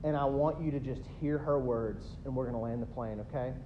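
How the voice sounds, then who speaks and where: A pastor in his thirties preaching a sermon, swinging between loud emphatic builds and quiet asides. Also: fairly even intonation, brisk. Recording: dull lo-fi recording with faint rumble.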